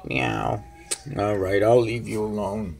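Man, gravelly voice, unhurried, cooing to his pets, at home, phone camera. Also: lowish voice, fairly even intonation, darkish tone. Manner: talks to his cats in a fond, cooing way. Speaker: cat owner filming his pets. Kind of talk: casual home video chat. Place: at home indoors.

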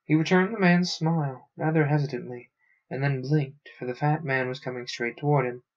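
A man narrating a science fiction novel aloud on a stream, steady with small stumbles. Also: medium pitch, normal speed. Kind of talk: audiobook-style reading. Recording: dull lo-fi sound.

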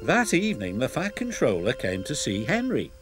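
A man with a British accent narrating a children's story in a gentle, expressive way. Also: medium pitch, normal speed. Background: music.

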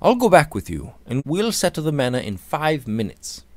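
A man voicing a languid young gentleman. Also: fairly high pitch, wildly swooping pitch, moderate pace, no echo, pitched above the performer's own voice. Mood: mildly amused. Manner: drawling, indifferent and mildly amused.

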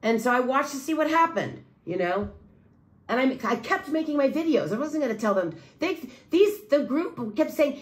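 A woman who makes videos, giving an angry, profane monologue that swings between low muttering and raised outbursts. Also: expressive, moderate pace. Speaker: video creator.

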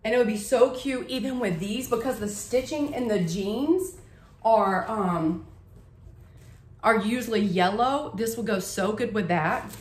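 A woman's voice: a little high, measured pace, reverberant. A young woman, chatting eagerly to camera about her shopping haul, gushing over each item. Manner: gushing, chatty, says "y'all" a lot. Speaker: vlogger. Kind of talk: casual haul chat to camera. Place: home living room.

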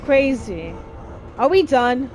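A woman's voice: sits high, sing-song, takes it slowly, music in the background. A young woman giving exasperated let's-play commentary while she plays, talking back to the game. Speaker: gameplay streamer.

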